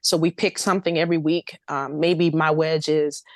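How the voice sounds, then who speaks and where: Articulate woman with a low voice. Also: normal speed, no room sound, clean studio sound. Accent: light Southern American. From American South. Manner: articulate, expressive, laughs often. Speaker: guest, ghostwriter. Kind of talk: casual interview conversation.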